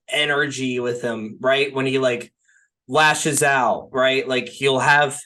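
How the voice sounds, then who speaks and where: A man's voice: mid-range voice, a bit bright. A young man co-hosting a podcast, talking casually and rambling with lots of fillers. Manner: rambling, filler-heavy, says "like" and "right?" often. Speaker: podcast co-host. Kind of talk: casual film discussion.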